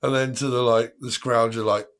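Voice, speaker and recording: A man's voice: medium pitch, flat delivery, moderate pace, fairly bright tone. A man hosting a live tarot stream in a casual, chatty way, often breaking into laughter.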